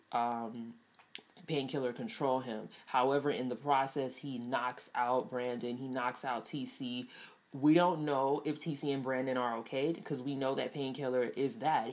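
A woman's voice: very deep voice, darkish tone. A woman casually reviewing a TV episode, chatty, with lots of fillers and frequent laughs. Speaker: TV show reviewer.

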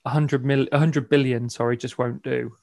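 Middle-aged host, gravelly and croaky, voice going, chatty. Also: male voice, mid-range voice, steady tone, moderate pace, a little mellow. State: losing his voice, croaky. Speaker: podcast host. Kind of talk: casual chat.

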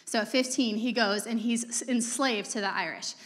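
A young woman delivers a sermon in a loose, conversational manner, full of asides. Her voice sits a little high. The sound carries a long hall reverb. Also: fairly even intonation, normal speed, fairly bright tone. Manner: casual, conversational preaching with fillers and asides. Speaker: preacher.

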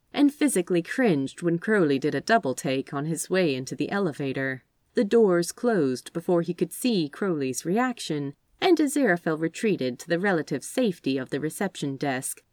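A woman reading fan fiction aloud as an audiobook, with expressive storytelling and acted character voices. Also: low-pitched, moderate pace, no room sound, clean studio sound. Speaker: audiobook reader.

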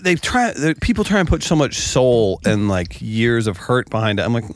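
A man's voice: mid-range voice, moderate pace, hardly any pauses, dry recording. An American man hosting a casual chat, telling stories and acting out the people in them. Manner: animated storyteller, acts out voices.

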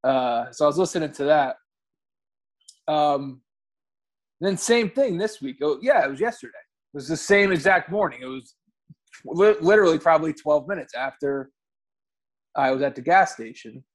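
A man tells stories on a podcast in a casual, rambling way. He swears freely and corrects himself mid-sentence. His voice sits a bit high for a man. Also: lively intonation, moderate pace, pauses often. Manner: rambling, profane, with self-corrections. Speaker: podcast co-host. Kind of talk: casual chat, storytelling.

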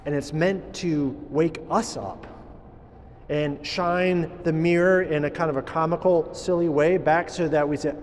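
A man gives a homily in an easy, chatty manner, stumbling and restarting his phrases as he goes. His voice sits a little high for a man. A long church reverb follows each word over a faint hum of noise. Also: steady tone. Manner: conversational, halting with many restarts. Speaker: priest.

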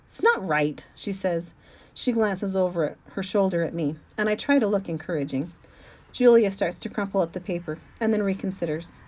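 A woman's voice: medium pitch, darkish tone. Woman reading a story aloud. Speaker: audiobook narrator. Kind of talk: first-person story narration.

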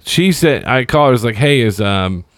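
Deadpan man retelling a complaint call. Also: medium pitch, a little fast, no echo, clean studio sound. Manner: deadpan retelling of complaints, stammers and quotes himself. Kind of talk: casual storytelling chat.

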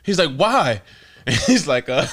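A man's voice: a little high, sing-song, slow, a bit bright. A man hosting a podcast, telling stories casually, laughing often and swearing freely. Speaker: podcast host. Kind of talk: casual storytelling.

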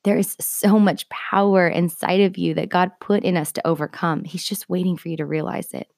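A woman's voice: fairly low pitch, steady tone, moderate pace, vocal fry, a little mellow, no room sound, studio quality. A woman in her thirties hosting a podcast, giving an earnest, heartfelt talk of faith-based encouragement with casual asides. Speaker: podcast host.

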